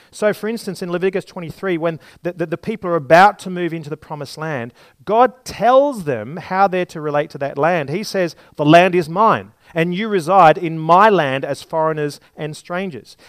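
A man's voice: sits high, no echo. Man preaching a sermon, dry sound. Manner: explains scripture with everyday examples, some restarts.

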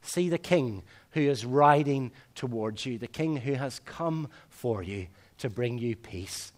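A man preaching a sermon, swinging between loud emphatic lines and hushed, slow ones. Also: mid-range voice, lively intonation.

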